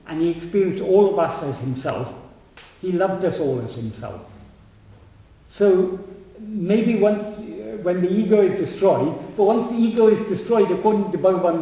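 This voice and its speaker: Ein Mann mit leicht hoher, weicher Stimme beantwortet in einem Versammlungsraum Fragen aus dem Publikum. Er spricht stockend und wiederholt Wörter, während er nachdenkt. Er steht weit vom Mikrofon entfernt, und der Raum hallt lang nach. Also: male voice, sits high, dark tone. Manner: halting, repeats words while thinking. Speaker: speaker on spiritual teachings. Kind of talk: answering audience questions. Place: meeting room. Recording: echoey hall, far from the mic.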